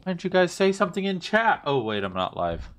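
A man's voice: sits high, fairly bright tone, smooth. A man in his twenties muttering uneasy reactions as he plays through a game and comments on it. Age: 20s. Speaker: gaming YouTuber. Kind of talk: gameplay commentary.

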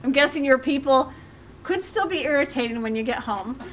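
A middle-aged woman with a high voice leads a life coaching workshop. She talks in a loose, conversational way, full of fillers, and keeps turning to the audience with questions. A faint hiss runs under her voice. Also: animated, a little fast, a bit bright. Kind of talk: workshop talk to a group.

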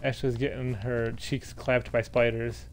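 A man's voice: mid-range voice, little pitch movement, unhurried, a little hiss or hum. A man hosting a gaming video, talking through the game with lots of startled exclamations. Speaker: gaming channel host. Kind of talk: casual gameplay commentary.

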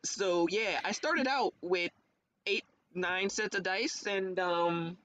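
Animated man telling stories, slightly high voice. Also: takes it slowly. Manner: animated storyteller, laughs often, jumps up in pitch for quoted voices. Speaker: guest, theater actor. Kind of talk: casual interview chat. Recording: dull lo-fi stream audio with faint hiss.

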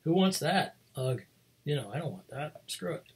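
A man's voice: fairly high pitch, lively intonation, moderate pace, breathy edge. A middle-aged man hosting, recounting things in a casual, rambling monologue, chuckling often between restarts. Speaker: host.

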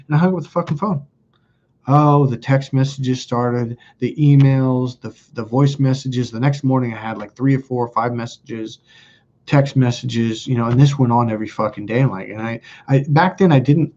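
A man's voice: medium pitch, slightly rough, lo-fi sound. A man hosting a casual live stream, telling a story with lots of profanity and acted-out dialogue. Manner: animated, profane, reenacts dialogue. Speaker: self-help video host.

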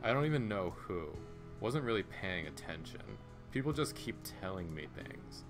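A man's voice: sits low, very animated, normal speed, over music. A man voicing an easygoing, gossiping passenger in a video game.

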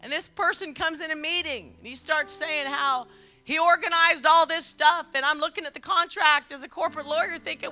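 A woman's voice: high-pitched, fairly even intonation, a little fast, sharp tone. A middle-aged woman pastor preaching a sermon, telling stories emphatically, repeating phrases and laughing along as she goes. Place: church service.

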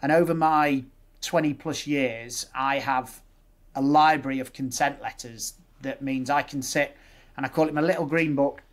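Dentist bloke, 40s, mid-pitched voice, lays things out step by step like he's said it a hundred times. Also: steady tone, normal speed. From West Yorkshire, England. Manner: practical, explains step by step, uses patient scripts. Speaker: guest dentist. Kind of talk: casual interview chat.

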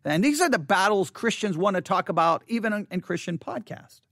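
A man's voice: sits high, expressive, brisk, a bit bright, no echo, studio quality. A middle-aged American man, a pastor hosting a podcast, giving blunt and exasperated commentary on a listener's email. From United States.

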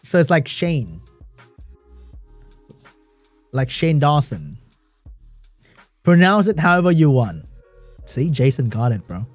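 Excitable man with a lively voice, commentating a game. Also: mid-range voice, a little slow, no room sound, faint music behind. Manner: excitable, laughs often, chats with viewers. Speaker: esports commentator and streamer. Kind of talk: live game commentary while reading chat.

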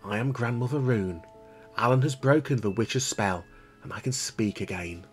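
Man doing a soft-spoken old grandmother. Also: mid-range voice, faint music behind, natural voice. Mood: gentle. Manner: soft, slow and hushed. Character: old kindly woman, gentle grandmother.

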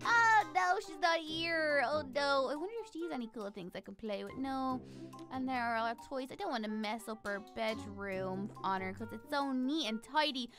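A woman's voice: high-pitched, moderate pace, music in the background. A woman voicing a young girl in a game role-play who frets and hesitates as she talks to the viewers. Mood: chatty, uneasy. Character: young girl, anxious before getting braces. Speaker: Minecraft role-play character. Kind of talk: role-play vlog narration.

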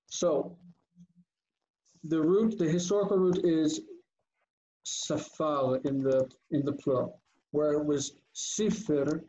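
A man teaching an online grammar lesson, drilling terms slowly and deliberately and often checking in with the class. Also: on the high side, warm tone. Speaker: Biblical Hebrew teacher. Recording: dull lo-fi call audio, faint noise.

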